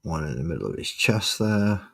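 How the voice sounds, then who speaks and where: A man's voice: low voice, sing-song, normal speed, vocal fry, a bit bright, slightly rough. A man streaming his miniature painting, chatting casually and muttering sarcastic asides to himself as he works. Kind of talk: casual chat while painting.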